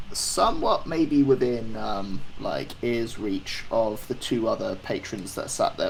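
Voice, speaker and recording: A man's voice: on the low side, creaky, a little hiss or hum, low-quality recording. A man playing a tabletop game, describing his character's actions with hesitant fillers. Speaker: player.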